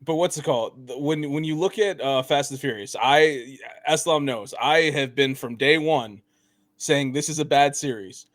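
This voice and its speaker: A man talks in a casual podcast review, animated and quick to laugh, and he slips into mock voices when quoting. The sound is dry and close, with no room around him. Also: medium pitch, dry recording. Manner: animated, laughs often, mimics voices in quotes. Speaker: podcast co-host.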